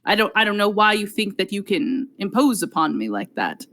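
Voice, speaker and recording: A woman's voice: medium pitch, very animated, fairly quick, a bit bright. A woman voicing an earnest, blustering male adventurer in a tabletop game, who stammers and stumbles over his apologies. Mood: indignant. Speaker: player. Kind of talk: tabletop role-play.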